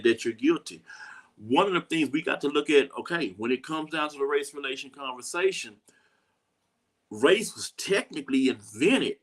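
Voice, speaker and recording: Earnest in tone, the man hosting this live talk show has a voice that's a little high and a bit bright. He acts out quoted voices, doubles back on lines to underline them, and regularly asks "you know what I'm saying."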